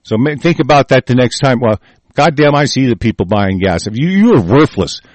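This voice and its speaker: A man reading lines aloud and answering them in a profane, angry rant, swinging between loud outbursts and low muttering. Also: animated, brisk, dry recording. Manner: reads lines aloud then rants with heavy swearing. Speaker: vlogger reacting to a text.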